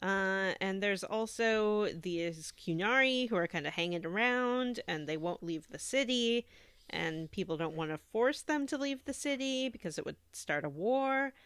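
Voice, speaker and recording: A woman's voice: medium pitch, unhurried, clean tone, no room sound. A woman co-hosting a casual gaming podcast, recapping the story and acting out the characters as she goes. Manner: animated storyteller who acts out characters. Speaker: podcast co-host.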